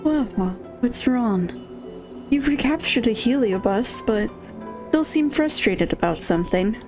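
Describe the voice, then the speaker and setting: A woman's voice: a little high, animated, measured pace. A woman streamer reading a game's character lines aloud as she plays, with pleading emphasis and dry asides. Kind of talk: reading game dialogue aloud while playing. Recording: faint game music behind. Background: faint game music.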